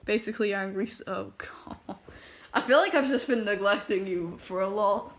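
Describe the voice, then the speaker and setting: A woman reading fanfiction aloud from her own recording, her voice at a middle pitch. She stumbles over words, restarts lines and breaks off into flustered, laughing asides. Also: moderate pace. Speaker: fanfiction reader.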